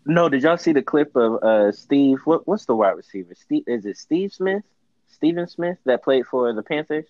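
A man's voice: medium pitch, normal speed, no echo, lo-fi sound. A man in casual sports chat, telling stories with lots of laughter and acted-out quotes. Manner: animated storyteller, laughs often, acts out quotes.

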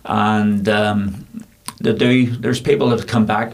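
A bartender with a Belfast accent telling rambling, animated anecdotes in a casual interview. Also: male voice, on the low side, a little slow, creaky.

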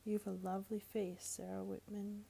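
A brash young man who lectures people on class and speaks his mind without tact, as a woman reads him. The voice is low-toned, dark and husky with gravelly fry. It stays level and flat in pitch, like an audiobook reading. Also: moderate pace, a little hiss or hum. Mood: earnest. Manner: brash and accusing, then earnest. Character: blunt, excitable young working-class man.

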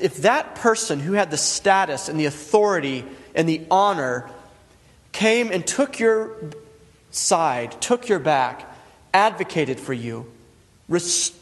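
Man preaching in an echoing hall. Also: sits high. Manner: earnest, conversational preaching with repetition. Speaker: pastor. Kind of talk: sermon.

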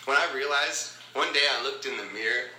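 A man's voice: medium pitch, brisk, bright, forceful tone, reverberant, slight background noise, rough recording. A man hosting a motivational podcast, talking in an upbeat, rambling way and repeating his phrases. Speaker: podcast host. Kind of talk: casual motivational talk.

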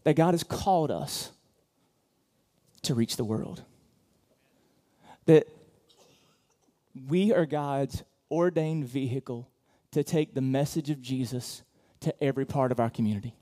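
A man preaching a sermon as pastor, talking conversationally with many fillers and restarts, swinging between loud emphatic bursts and quiet asides. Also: medium pitch, a little slow, pauses often. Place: church auditorium.

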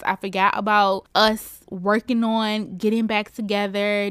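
A young woman hosting a podcast, telling a personal story in a chatty, slangy, animated way. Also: mid-range voice, clear, resonant tone, dry recording. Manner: chatty, animated, slangy, talks straight to listeners. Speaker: podcast host. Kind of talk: casual confessional storytelling.

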